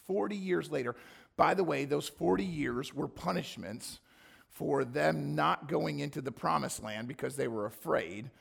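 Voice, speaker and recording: A man preaching a sermon with a hoarse voice, reading scripture and acting out the people's complaints in sudden loud, high bursts. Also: a little slow. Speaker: pastor.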